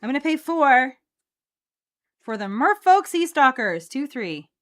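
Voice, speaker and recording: A woman's voice: high-pitched, very animated, unhurried. A woman hosting a live card game stream, chatting casually and upbeat with lots of fillers while she plays.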